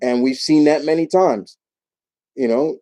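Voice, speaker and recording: A man from New York hosting a casual live Q&A, talking in a rambling, animated way with many restarts. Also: on the high side, measured pace, low-quality recording. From New York, United States. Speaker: YouTube show host.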